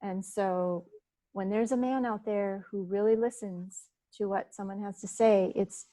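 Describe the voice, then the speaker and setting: Woman, presenter, business meeting talk, conversational, frequent fillers, mid pitch, dry sound. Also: fairly even intonation, unhurried, dark tone, dry recording, poor audio. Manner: conversational, with frequent "you know" and restarts. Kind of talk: informal presentation.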